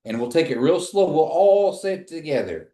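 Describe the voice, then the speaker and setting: A man teaching a language class, speaking slowly and patiently and repeating phrases for his students to say back. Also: on the high side, very animated, mellow, reverberant.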